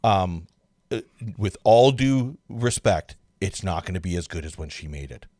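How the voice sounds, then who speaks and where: A man hosting a casual livestream interview, chatting in a relaxed way with frequent fillers. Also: deep voice, measured pace, no echo, studio quality. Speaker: livestream host.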